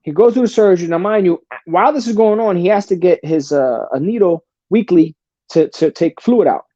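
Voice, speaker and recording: Blunt, profane male guest, swears freely, mellow tone, dry close sound. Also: sits high, brisk, no room sound, dull audio. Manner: blunt and profane, calls the host brother. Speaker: podcast guest. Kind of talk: casual storytelling.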